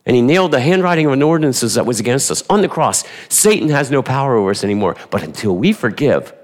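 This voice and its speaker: A male pastor giving a sermon in a church, emphatic and animated, firing rhetorical questions at the congregation and repeating his key phrases. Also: mid-range voice, fast.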